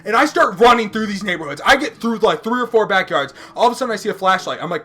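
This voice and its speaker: Lively high-voiced young man telling stories. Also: fast talker, few pauses. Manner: animated, profane, acts out quotes. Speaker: podcast host. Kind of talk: casual storytelling chat.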